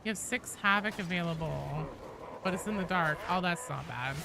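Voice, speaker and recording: A woman's voice: fairly low pitch, moderate pace, vocal fry, music in the background. A woman streaming a game, chatting casually and answering viewers' messages while she plays. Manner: chatty, reads and answers chat while playing. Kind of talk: casual live-stream chat.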